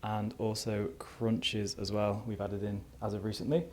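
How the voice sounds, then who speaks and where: A man's voice: on the low side, level tone, measured pace, a little mellow. A young man talking casually to the camera as a fitness vlogger, outdoors in a garden, chatty and rambling with lots of "you know" asides. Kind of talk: casual vlog talk to camera.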